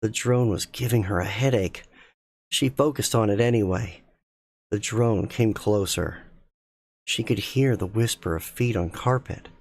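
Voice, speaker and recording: A man reading a spooky story aloud in a slow, measured, suspenseful way as a streamer. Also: fairly low pitch.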